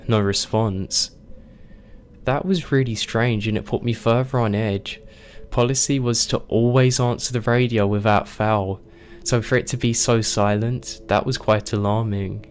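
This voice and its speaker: A man with a fairly low voice narrates a scary story in an unhurried, suspenseful way. A faint hiss sits under the recording. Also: steady tone. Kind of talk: scripted narration.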